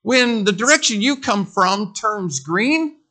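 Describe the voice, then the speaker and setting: A preacher voicing an amused male bystander on a park bench, explaining things in a slow, gleeful way. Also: sits high, expressive, sharp tone, pitched above the performer's own voice, heavily acted.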